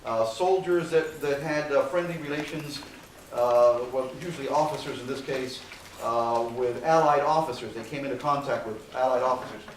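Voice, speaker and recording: A man lectures to a class in a loose, conversational way, filling pauses with "okay" and "uh" and dropping the occasional dry, sarcastic aside. He sits at an ordinary middle pitch. He was recorded from across a very reverberant hall, with a faint hiss underneath. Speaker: university lecturer. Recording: very echoey hall, far from mic, faint hiss.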